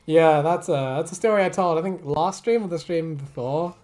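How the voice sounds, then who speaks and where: A woman's voice: low voice, moderate pace, darkish tone. An English woman ranting and joking crudely on a casual livestream, swearing freely. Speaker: streamer.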